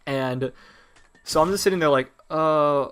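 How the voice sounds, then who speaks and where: A man's voice: mid-range voice, a little fast, a bit bright, a little hiss or hum. Teenage guy rambling through a story. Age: teens. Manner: rambling, with frequent fillers and restarts. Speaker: vlogger telling personal stories. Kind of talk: casual storytelling.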